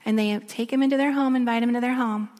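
A woman giving a sermon, telling a story and dropping to a soft near-whisper at emotional moments. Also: a little high, fairly even intonation, quick pace. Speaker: speaker. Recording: echoey long reverb of a large room.

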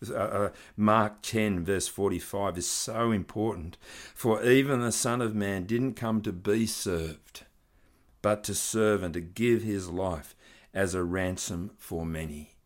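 A man preaching a sermon, reading scripture aloud and building earnest emphasis as he explains it. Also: low-pitched.

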